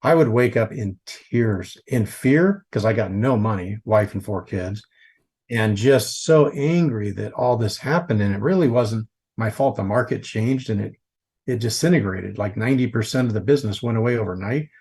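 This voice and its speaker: A man's voice: lowish voice, moderate pace, husky. A man in his forties, a podcast guest, telling his story casually and animatedly, with lots of "dude" and "like". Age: 40s. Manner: animated, says dude and like a lot.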